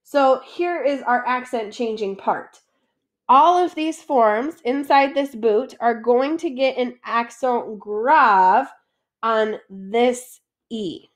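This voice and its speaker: Woman French teacher, high voice, unhurried, patient, talks through each step. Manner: patient, asks questions then answers them. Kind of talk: classroom lesson explanation.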